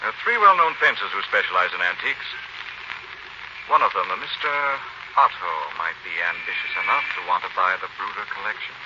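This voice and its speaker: An actor playing a wry, sharp-witted gentleman sleuth who talks in a dry, sardonic way, in 1940s radio acting. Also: deep voice, big pitch swings, a little fast. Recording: muffled old radio broadcast with hiss.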